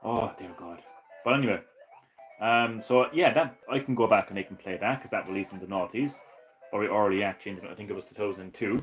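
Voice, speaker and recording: Guy ranting on a retro game stream, kinda low voice, swears a lot, quiet music under it. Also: a little fast, rough recording. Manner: ranting, profane, excitable, laughs at own jokes. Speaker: gaming live streamer. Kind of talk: casual live-stream chat.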